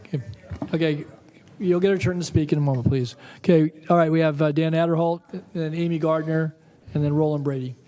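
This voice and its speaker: A man chairing a county board meeting, calmly calling the next speakers. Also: on the high side, brisk. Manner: calm, steady, calls speakers.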